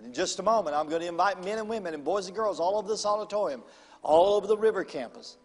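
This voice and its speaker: High-voiced preacher in a ringing hall. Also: male voice, quick pace. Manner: fervent, repetitive exhortation. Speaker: pastor. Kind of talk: evangelistic sermon altar call. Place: large church auditorium. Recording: long reverb of a large hall with faint music.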